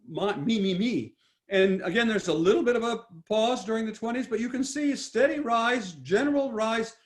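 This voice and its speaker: An older man giving a talk with slides, speaking emphatically with many restarts and self-corrections. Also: high voice. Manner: rambling, frequent restarts, emphatic. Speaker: guest speaker.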